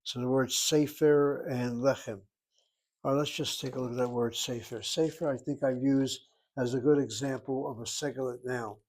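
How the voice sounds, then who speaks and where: A man teaching an informal class, talking through grammar step by step. His voice sits at an ordinary middle pitch, and he thinks aloud as he explains. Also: steady tone, normal speed, darkish tone, poor audio. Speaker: Hebrew teacher. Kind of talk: informal recorded class lesson.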